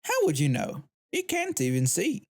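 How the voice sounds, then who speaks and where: A man voicing a shrill, entitled middle-aged woman who steals and lashes out. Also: huge pitch swings, moderate pace, darkish tone. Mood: contemptuous.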